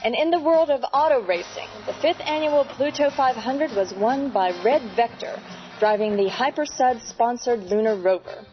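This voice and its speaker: A woman playing a crisp news anchor. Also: fairly high pitch, animated, moderate pace, close to an everyday voice. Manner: smooth, crisp newsreader delivery. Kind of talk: spoof newscast. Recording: dull lo-fi with faint music.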